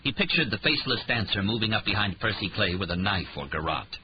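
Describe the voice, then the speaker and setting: A man's voice: on the low side, lively intonation, a little fast. A man narrating an audiobook thriller in a tense, dramatic reading. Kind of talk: scripted narration. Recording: slightly dull audio with faint noise.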